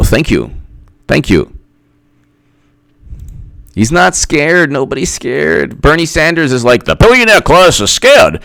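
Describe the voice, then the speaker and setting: Male commentator, higher pitch, very animated delivery, incredulous rhetorical questions, casual. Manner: greets live chat viewers by name. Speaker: political commentary host.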